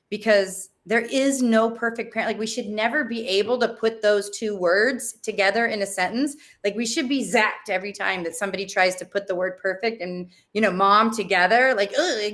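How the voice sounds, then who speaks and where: A middle-aged woman talks through parenting ideas in a relaxed interview. She tells her stories with animated energy and a conversational ease. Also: mid-range voice. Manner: animated storyteller. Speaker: parenting guest. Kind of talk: casual interview.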